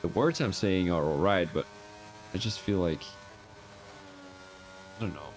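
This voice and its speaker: A man's voice: low-pitched, unhurried, slight background noise. A man with a Belgian accent giving rambling, joking, self-mocking commentary on a live-streamed sim racing league.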